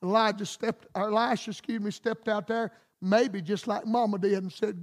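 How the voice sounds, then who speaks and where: A man's voice: high voice, steady tone, moderate pace. A man preaching a fervent sermon with emphatic, rhythmic repetition.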